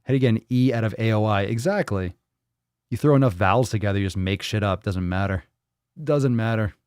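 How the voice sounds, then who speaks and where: A man's voice: lowish voice, a little fast, a little mellow, clean tone, no room sound, clean studio sound. A man hosting a fitness live stream in casual chat, rambling and joking, with a lot of swearing. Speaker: fitness livestream host.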